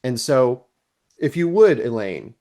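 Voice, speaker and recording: A man's voice: medium pitch, very animated, slow, warm tone. A Southern man with a mid-range voice talks through a Bible passage on a podcast. He is chatty and explanatory, with plenty of ums and restarts. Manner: chatty, explanatory, many fillers. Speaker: podcast co-host. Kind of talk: casual Bible discussion.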